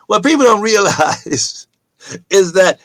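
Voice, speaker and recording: High, animated man preaching fervently. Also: very slow, no room sound. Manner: preachy, emphatic, sometimes shouting. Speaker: talk show host. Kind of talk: impassioned political monologue.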